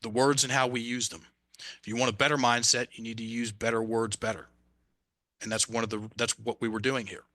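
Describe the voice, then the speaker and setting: A man guesting on a podcast, telling a story in a lively, animated way and restarting his phrases, sometimes dropping almost to a whisper. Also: medium pitch, fairly quick, dry recording. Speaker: podcast guest, mindset coach. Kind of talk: casual conversation.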